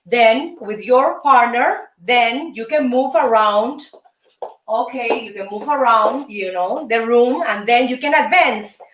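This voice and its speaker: A woman's voice: fairly high pitch, slow pace, a bit bright, roomy sound, distant mic, low-quality recording. Cuban-accented woman teaching salsa, counting beats. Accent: Cuban Spanish. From Cuba. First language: Spanish. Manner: counting beats, chanting "pa pa" rhythms. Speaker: host and dance teacher. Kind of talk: salsa dance lesson.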